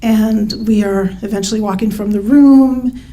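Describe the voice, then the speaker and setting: A woman's voice: medium pitch, a little slow, mellow, rough recording. A middle-aged woman telling a true story at a live storytelling event into a stage microphone, wry and often breaking into laughter.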